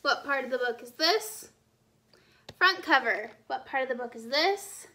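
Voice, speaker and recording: A woman's voice: high voice, lively intonation, a little slow, sharp tone. A young woman teacher leading a children's read-aloud lesson, asking and answering cheerful questions.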